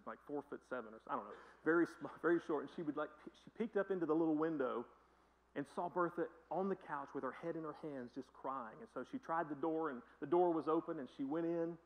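A man's voice: fairly high pitch, creaky, lo-fi sound. A man pastor preaching a sermon in a conversational, emphatic storytelling manner. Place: church.

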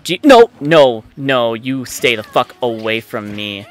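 Slow-talking excitable gamer guy. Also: medium pitch. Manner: excitable, swears a lot, frustrated outbursts. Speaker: let's play gamer. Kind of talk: live gameplay commentary. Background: faint game music.

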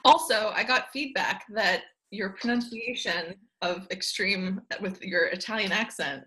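Podcast guest, woman, bright tone, mid pitch, loose and rambly with lots of laughter. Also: unhurried, poor audio. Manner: giggly, rambling, self-interrupting. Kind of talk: casual chat.

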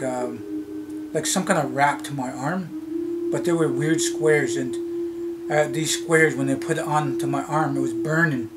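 A man from Canada, telling a childhood story in a vlog, in a halting, rambling way with many fillers and restarts. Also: on the high side, very noisy. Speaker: vlogger. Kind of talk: casual storytelling. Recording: loud music behind the voice.

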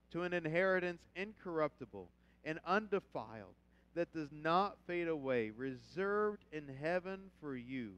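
A male pastor preaching a sermon with animated storytelling, swinging from quiet reading to loud shouts. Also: on the high side, clear, resonant tone. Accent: Southern Indiana.

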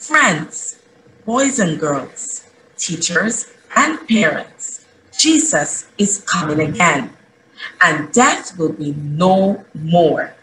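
Expressive woman giving a children's devotional. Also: fairly low pitch, drawn-out words, a little hiss or hum, low-quality recording. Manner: expressive, rising questions to the audience. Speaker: devotional speaker.

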